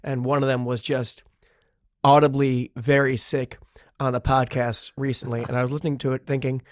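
Male podcast host, hoarse with a cold, rambling self-deprecating chat, medium pitch, dry. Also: flat delivery, normal speed, no room sound.

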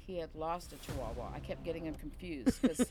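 A woman chatting as a podcast co-host, spinning a story with acted-out quotes and little sound effects. Her pitch swings widely as she talks. A crowd murmurs behind her. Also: expressive, brisk. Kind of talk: casual chat.

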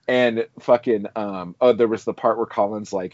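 A man's voice: lowish voice, fairly even intonation, normal speed, darkish tone, no echo. A man co-hosting a casual film podcast, recapping a movie in a rambling way with lots of "like" and swearing. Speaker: podcast co-host. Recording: dull dry lo-fi audio.

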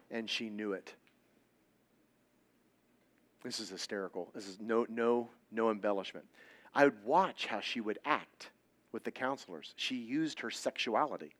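A man preaching a sermon at youth services, telling personal stories bluntly and with jokes, his volume swinging between loud and hushed. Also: medium pitch. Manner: blunt, joking storytelling.

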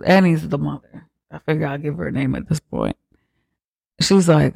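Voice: medium pitch, sing-song, normal speed, vocal fry, a little mellow, breathy edge, no room sound, studio quality. A podcast host giving a rambling, profane comedic recap of a horror film, full of fillers like "like" and "you know.".

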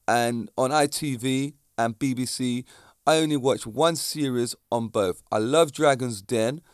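A man's voice: mid-range voice, smooth, dry recording, studio quality. A man, a fitness instructor giving a chatty, digressive monologue that speaks straight to the viewers. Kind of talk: casual monologue to camera.

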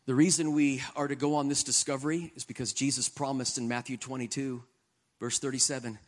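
A man preaching a sermon in an earnest, conversational way, shifting between quiet reflection and emphatic stretches. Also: medium pitch, little pitch movement, fairly quick.

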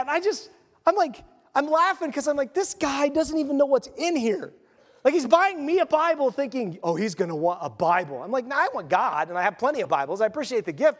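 Male preacher, very high-pitched, chatty and needling, sermon recorded in an echoing sanctuary. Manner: animated, conversational, sarcastic rhetorical questions. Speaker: pastor. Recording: long reverb of a church hall.

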